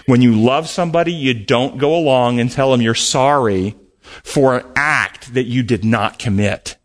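A man's voice: medium pitch, normal speed. A man preaching a sermon in an earnest, emphatic way, acting out short quoted exchanges and closing with a prayer.

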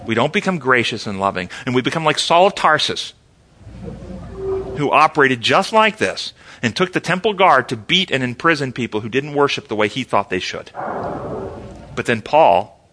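A man's voice: mid-range voice, moderate pace. A man teaching an interactive Bible study, asking the class questions and answering them himself. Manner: animated, asks the class questions.

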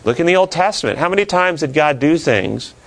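A man's voice: fairly high pitch, expressive, fairly quick, vocal fry. Man teaching a Bible class. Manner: asks the class questions, then answers them.

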